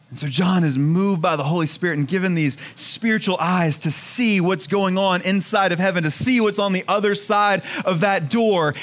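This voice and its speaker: A male pastor preaching a sermon to his congregation, moving from hushed, slow emphasis to excited, near-shouted exclamations. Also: high voice. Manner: dynamic, swings from hushed to exclaiming.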